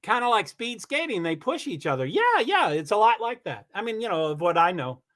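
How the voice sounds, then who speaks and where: A man's voice: high-pitched, fairly quick. Rambling, chatty man streaming live. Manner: rambling, chatty, swears when excited. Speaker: livestream host. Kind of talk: casual livestream race commentary. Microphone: computer mic on a streaming call.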